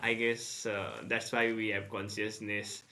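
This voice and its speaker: A young man talking slowly on a casual podcast, hesitating often with many fillers. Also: fairly low pitch, level tone, bright, forceful tone, slight background noise. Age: young adult. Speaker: podcast co-host. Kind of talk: casual chat.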